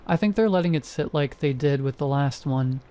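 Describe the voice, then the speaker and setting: A man voicing a middle-aged woman neighbor who talks in a flat, matter-of-fact way in a horror story reading. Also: fairly high pitch, normal speed, natural voice.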